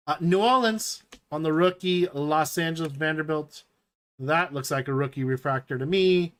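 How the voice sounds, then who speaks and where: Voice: mid-range voice, moderate pace, a bit bright. A live-stream host chatting enthusiastically while opening packs and reading out each card as it appears.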